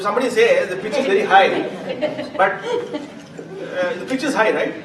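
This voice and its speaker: A man leads a live chanting class, his high voice lively as he acts out examples and laughs. He speaks slowly, heard from a distance in an echoey hall. Steady noise hums underneath. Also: a crowd in the background. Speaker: Vedic chanting teacher. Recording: roomy, distant mic, noisy.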